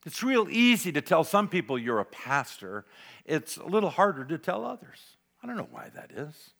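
Male pastor, sermon delivery, higher-pitched voice, dramatic dynamics from whisper-soft to emphatic. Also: sing-song, moderate pace, vocal fry. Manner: dramatic, varies loudness, drops to near whisper for emphasis.

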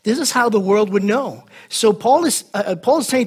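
A man preaching with a husky, slightly rough voice that sits high for a man. He speaks earnestly and conversationally, repeating words and throwing in asides as he teaches his congregation. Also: lively intonation, moderate pace, hardly any pauses. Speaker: pastor. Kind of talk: sermon.

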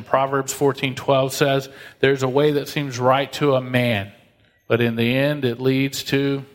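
A man preaches a conversational sermon in a mid-pitched voice. He reads scripture aloud and acts out God's voice. Long reverb from a large hall trails each phrase. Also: level tone, a little slow. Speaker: pastor.

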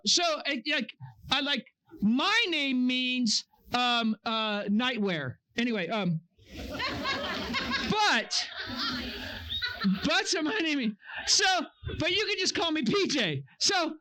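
A camp speaker preaching to young teens, with a high, bright voice. The delivery is lively: the speaker tells the story with energy, acts out the quoted voices, and keeps asking the audience questions. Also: takes it slowly, pauses often.

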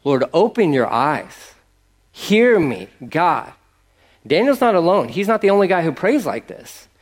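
A man preaching a sermon in a lively, conversational way, acting out little asides. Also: high voice, a little slow. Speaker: pastor.

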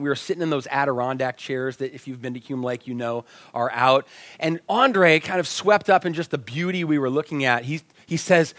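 A male pastor delivering a sermon in a slightly higher voice, full of lively storytelling. He shifts his tone to act out little dialogues and can sink nearly to a whisper for a reflective line. The sound is close and dry. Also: dry recording. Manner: animated, acts out quoted dialogue, drops to near whispers. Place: church sanctuary.

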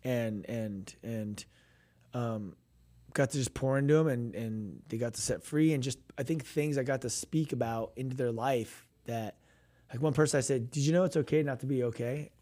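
A man chatting on a Christian radio show about his ministry. He talks loosely and animatedly, stumbles over restarts and acts out what people said. His voice sits at a middle pitch. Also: normal speed, mellow. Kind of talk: casual storytelling chat.

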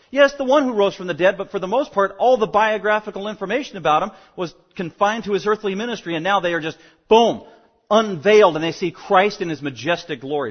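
Emphatic male preacher, muffled recording. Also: on the high side. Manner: emphatic, surging louder on key words. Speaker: pastor. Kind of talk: expository sermon.

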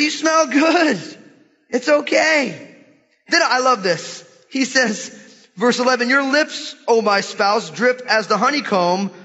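A middle-aged man preaching a sermon in a church, lively and questioning his congregation. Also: high voice. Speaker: pastor. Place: church hall. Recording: dull sermon recording in a large hall.

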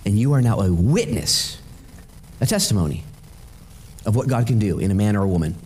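A male preacher voicing Jesus as a patient, gentle man, dropping into a low, quiet, insistent tone. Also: expressive, brisk, a little hiss or hum, close to an everyday voice. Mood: earnest.

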